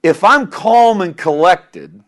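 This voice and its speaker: Middle-aged guy preaching, kinda high voice, gets loud then quiet, laughs at himself. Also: lively intonation, slow. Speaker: pastor. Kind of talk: sermon.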